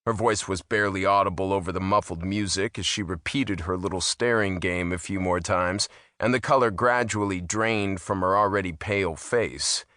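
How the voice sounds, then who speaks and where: Man, audiobook narrator, wry amused storytelling, lowish pitch, bright forceful tone, dry close studio sound. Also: normal speed, no echo. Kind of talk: first-person audiobook narration. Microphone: close studio mic.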